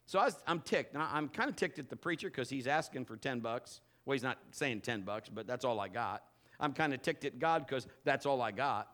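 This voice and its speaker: A middle-aged man preaching a sermon in a church service, telling personal stories with loud bursts and quiet asides. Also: a little fast. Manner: animated storytelling, swinging between loud bursts and low asides. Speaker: pastor.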